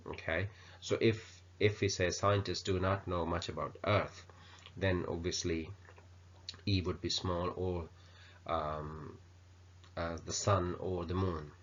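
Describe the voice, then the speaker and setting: A man teaching an English grammar lesson, explaining slowly with many ums and uhs. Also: sits low, steady tone, a bit bright. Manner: unhurried explaining with many fillers. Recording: dull lo-fi recording.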